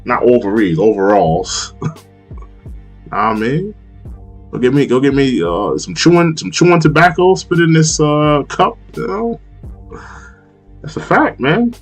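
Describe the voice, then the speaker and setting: A man's voice: fairly high pitch, animated, a little slow, pauses often, faint music behind. A man from Long Island, hosting a live stream and chatting casually, rambling and repeating himself with frequent laughs. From Long Island, New York. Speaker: live stream host reading chat. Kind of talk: casual chat.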